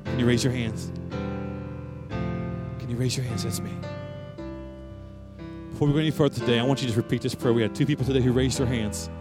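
A man's voice: mid-range voice, steady tone, quick pace, long pauses. A male pastor giving an earnest sermon and altar call, pleading with listeners. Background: faint music.

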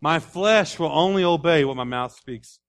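A man preaching a sermon in a folksy way, building to loud repeated declarations. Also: on the high side, normal speed. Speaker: pastor.

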